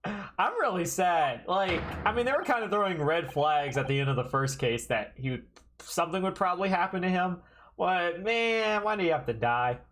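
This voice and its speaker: A man's voice: sits high, expressive, moderate pace, a bit bright. A male streamer chatting casually and exclaiming in slangy reactions while playing a game. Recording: game music under voice. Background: game music.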